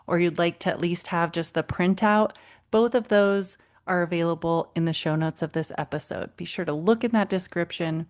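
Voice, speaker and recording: Encouraging woman parenting coach. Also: on the low side. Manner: warm, encouraging, acts out quotes with animated voices. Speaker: parenting coach and podcast host. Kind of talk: solo podcast advice.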